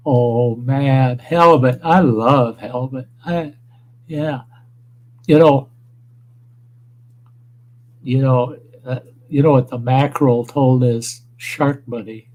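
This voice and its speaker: A man's voice: medium pitch, low-quality recording. A man hosting a casual livestream, telling rambling, profane stories about food and fishing. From northern Wisconsin. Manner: profane, rambling, animated storyteller. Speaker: livestream host. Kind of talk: casual storytelling chat.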